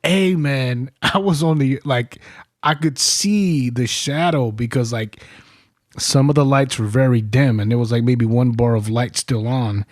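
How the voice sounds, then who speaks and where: Profane animated man telling war stories. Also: mid-range voice, a little slow, dry recording, clean studio sound. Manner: profane, animated, laughing between lines. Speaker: military veteran telling stories. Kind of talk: casual podcast storytelling. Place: studio.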